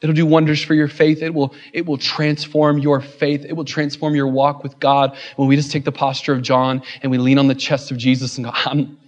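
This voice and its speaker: A man's voice: medium pitch, level tone, normal speed, hardly any pauses, dull audio. A man preaching a sermon as a pastor in a church, mixing joking asides with impassioned, repeated refrains.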